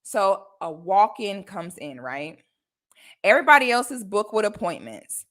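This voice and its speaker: A woman telling a personal story on a livestream in a casual, animated, slangy way. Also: mid-range voice, a little slow.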